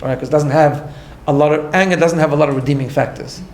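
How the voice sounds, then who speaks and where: A man's voice: fairly high pitch, steady tone, fast, darkish tone. Earnest male teacher in an echoey room. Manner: earnest, explains step by step, tags lines with "right?". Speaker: class teacher. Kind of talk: recorded class lecture.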